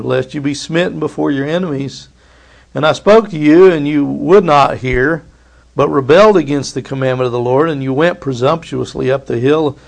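A man's voice: on the high side, vocal fry. A man preaching a sermon, reading scripture and acting out the voices of biblical figures.

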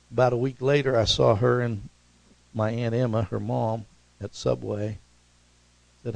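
Male pastor, sermon delivery, heavy vocal fry, mid pitch, emphatic peaks and hushed drops. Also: unhurried, long pauses, no room sound, rough recording. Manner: rises to emphatic peaks, then drops soft and low; preaching with congregational call-outs.

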